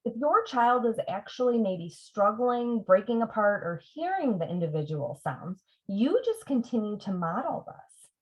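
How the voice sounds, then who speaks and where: A middle-aged woman reading tutor leading a parent workshop, patiently breaking words into sounds as she demonstrates. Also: a little high. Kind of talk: teaching demonstration. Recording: dull lo-fi sound.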